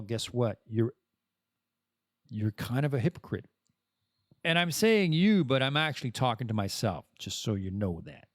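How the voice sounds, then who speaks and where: A man from Canada hosting a casual podcast monologue, rambling and self-deprecating, with animated swings in his voice. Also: mid-range voice, dry recording, clean studio sound. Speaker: podcast host.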